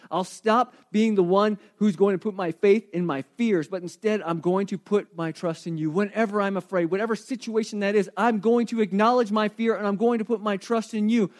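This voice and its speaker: Male pastor, high-pitched, animated sermon delivery with hushed emphatic drops.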